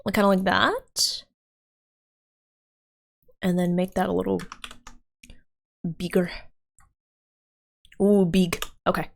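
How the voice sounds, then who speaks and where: Lady streamer mumbling through her work, slow and giggly, um and like everywhere. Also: on the low side, little pitch movement, creaky. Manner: thinking aloud while working, giggly, filler-heavy. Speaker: livestreamer. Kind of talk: casual livestream chat.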